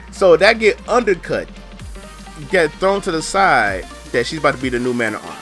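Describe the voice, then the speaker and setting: Excitable, lively higher-voiced man. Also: brisk, soft background music. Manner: excitable, stammers and repeats words when jumping in. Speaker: channel host reviewing a show. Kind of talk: casual review chat.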